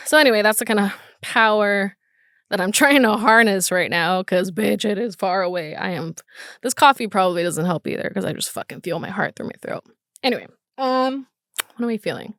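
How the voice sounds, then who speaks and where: This is a young woman hosting a casual solo podcast. She talks openly, nervous and emotional, and swears without thinking. Her voice is smooth and clear, recorded dry and close with no room sound. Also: medium pitch, moderate pace, fairly bright tone, no room sound. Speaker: podcast host.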